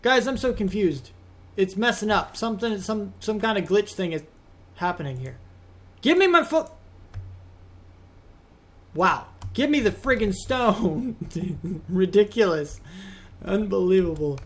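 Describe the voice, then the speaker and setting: High-voiced man chatting over gameplay. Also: expressive, measured pace. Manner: chatty, easily exasperated, rambling asides. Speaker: let's play host. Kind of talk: casual gameplay commentary.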